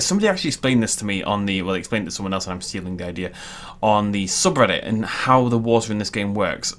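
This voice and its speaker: A man's voice: on the low side, a bit bright. Chatty man narrating gameplay. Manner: chatty, self-deprecating, jokey asides. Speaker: gaming YouTuber. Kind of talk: casual let's-play commentary.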